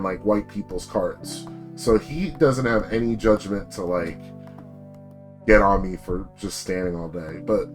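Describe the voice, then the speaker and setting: A man streaming as a VTuber, ranting in a casual, rambling way and swearing freely while telling stories on himself. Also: lowish voice. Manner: rambling, profane, self-deprecating.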